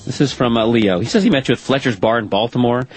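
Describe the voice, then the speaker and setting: A man's voice: medium pitch, fast. A man co-hosting a talk radio show, chiming in with short quips and reading listener messages. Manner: short quips and laughter backing the host. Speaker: radio co-host.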